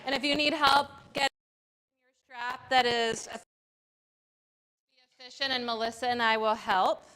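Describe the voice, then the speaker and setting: A woman teaching a live yoga class in a studio, giving calm step-by-step cues with casual asides. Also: a little high, measured pace, clear, resonant tone. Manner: calm cueing with chanted Sanskrit and casual asides.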